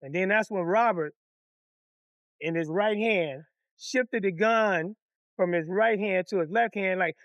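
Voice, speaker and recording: High-voiced man telling a story. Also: a little slow, dry recording, lo-fi sound. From Detroit. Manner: animated, profane, acts out voices. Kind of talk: casual storytime narration.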